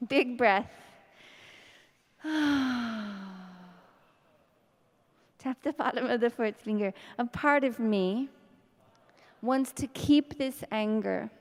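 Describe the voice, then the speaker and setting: Slow, sighing woman guiding tapping. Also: on the high side. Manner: slow, breathy guidance with many sighs and scripted affirmations. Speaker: EFT tapping practitioner. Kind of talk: guided tapping session. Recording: long reverb in a hall.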